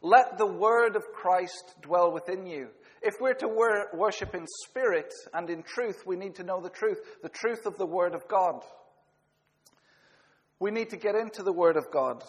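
A male preacher delivers an earnest sermon in a fairly high voice, now and then stumbling and correcting himself. His words ring out with a long reverb, as in a large hall. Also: moderate pace. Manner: earnest, with small slips and self-corrections.

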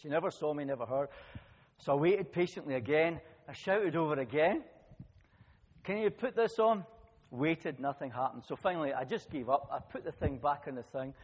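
A man preaching a sermon, telling a personal story with lively swings between loud emphasis and quiet asides. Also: a little high, brisk. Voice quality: husky. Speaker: pastor. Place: church hall. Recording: long church-hall reverb.

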